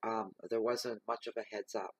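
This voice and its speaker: A man giving a slow, reflective spoken tarot reading, reading card keywords aloud. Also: on the low side, steady tone, no echo. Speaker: tarot reader.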